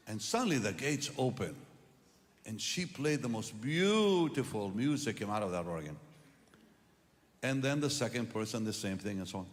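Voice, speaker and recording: An older man with a medium-pitched voice preaches a testimony sermon, recounting his personal story with strong emotion. He shifts between hushed and loud moments, and the sound carries a long hall reverb.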